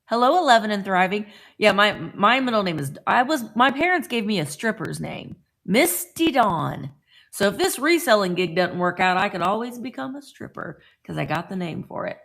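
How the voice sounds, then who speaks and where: Chatty gravelly-voiced woman hosting a live chat. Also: medium pitch, animated, moderate pace, a bit bright. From Indiana. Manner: chatty, greets viewers by name. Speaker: live-stream host.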